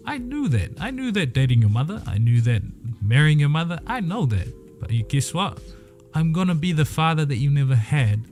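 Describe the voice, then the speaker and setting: A man's voice: medium pitch, sing-song, moderate pace, darkish tone, faint music behind. Earnest stepfather talking on a podcast. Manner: earnest, reflective, speaks from personal experience. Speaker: podcast co-host. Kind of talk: casual panel discussion.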